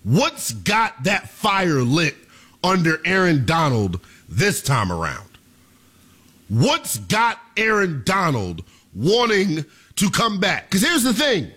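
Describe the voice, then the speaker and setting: A young man hosting sports talk radio, delivering a theatrical monologue that he keeps addressing to the listeners as ladies and gentlemen. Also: high-pitched, huge pitch swings, slow, husky.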